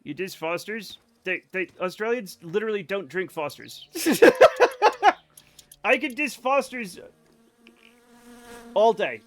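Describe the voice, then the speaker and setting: A man streaming a game live, chatting casually to his viewers in a rambling, self-mocking way with sudden excited outbursts. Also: high voice, unhurried. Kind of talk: casual gameplay commentary to chat.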